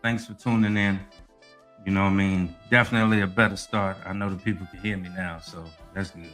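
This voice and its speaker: A man with a lowish voice hosts a laid-back sports podcast, ranting with lots of cursing. He keeps tossing in "you know what I mean" as he talks. Soft music plays faintly behind him. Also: fairly quick. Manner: animated, profane, heavy use of "you know what I mean". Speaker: podcast host. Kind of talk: casual sports podcast talk and rant.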